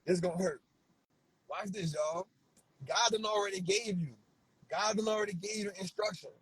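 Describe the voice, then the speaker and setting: A man's voice: high voice, normal speed, long pauses, a bit bright, low-quality recording. A man, giving fervent, repetitive motivational preaching to his viewers. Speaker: vlogger.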